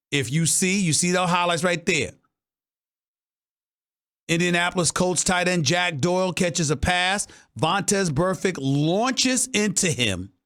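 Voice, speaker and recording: A man hosting sports talk radio, with punchy and emphatic delivery. His voice sits high for a man and sounds bright and forceful. He drives every point home with strong opinions. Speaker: sports talk show host.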